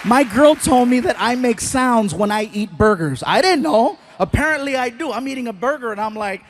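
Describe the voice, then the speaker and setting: High-voiced man telling stand-up stories. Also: moderate pace, few pauses, slight background noise. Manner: animated, playful storytelling with voices. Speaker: stand-up comedian. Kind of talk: stand-up storytelling.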